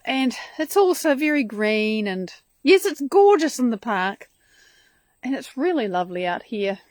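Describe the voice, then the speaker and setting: A woman's voice: fairly high pitch, big pitch swings, a little slow, a little mellow, dry recording. A woman hosting a casual live stream from her front garden outdoors, chatting in a rambling, enthusiastic way into a handheld phone.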